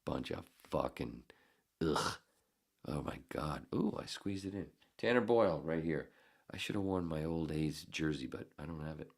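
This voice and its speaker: A man's voice: extremely low pitch, animated, normal speed, gravelly. A man in his fifties, a podcast host, telling a story in a casual, heated and profane way. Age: 50s.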